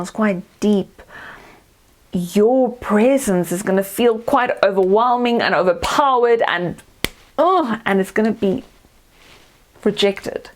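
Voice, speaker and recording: Slow, expressive woman voice coach. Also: medium pitch. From South Africa. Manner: expressive, acts out example tones. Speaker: confidence coach. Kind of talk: teaching talk to camera.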